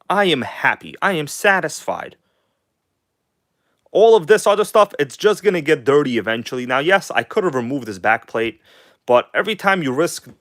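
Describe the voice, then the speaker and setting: A man hosting a casual livestream while working on a model engine, chatting with viewers and shifting between an animated showman tone and quiet mumbled asides. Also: a little high, no echo, clean studio sound. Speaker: livestream host.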